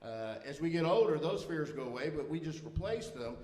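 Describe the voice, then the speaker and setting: A man's voice: on the high side, lively intonation, a little fast, darkish tone. A middle-aged man preaching a humorous sermon in a church, telling self-deprecating personal stories in a folksy manner. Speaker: pastor. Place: church sanctuary. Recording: roomy church hall reverb.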